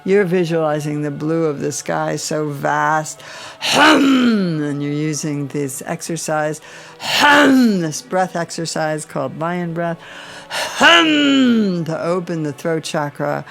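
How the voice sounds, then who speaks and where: A woman's voice: low voice, lively intonation, slow, creaky, fairly bright tone, faint music behind. A woman leading a guided chakra meditation, giving soothing breathing cues and intoning mantras.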